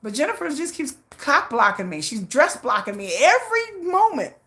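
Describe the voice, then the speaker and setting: A woman hosts a relaxed livestream, chatting with her viewers and telling stories about a friend. Her pitch swoops up and down as she acts out both sides of each exchange, quoting her friend and then herself. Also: moderate pace. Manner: animated storytelling, acting out a friend's lines, frequent laughs; reads and answers viewer chat. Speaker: livestream host. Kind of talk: casual livestream chat.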